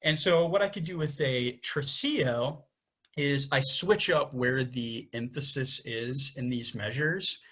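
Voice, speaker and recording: A man's voice: mid-range voice, measured pace, sharp tone. A young man co-hosting a podcast, explaining music theory step by step and counting beats aloud. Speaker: podcast co-host.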